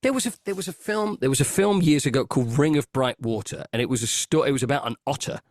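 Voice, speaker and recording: A man's voice: medium pitch, fast, dry recording, clean studio sound. An English man chatting as a guest over a video call, telling stories animatedly and acting out scenes. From Britain. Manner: animated storyteller, acts out scenes. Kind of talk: casual chat.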